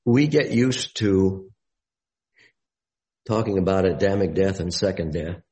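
A man giving a Bible study sermon, deliberate and explanatory, with emphatic rises on key words. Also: low voice, mellow, poor audio.

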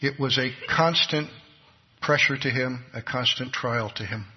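A man's voice: mid-range voice, unhurried, breathy edge. A man preaching a sermon, telling a story with earnest delivery and acting out the people in it. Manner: earnest storytelling, voices the people in his stories. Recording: dull recording with long hall reverb.

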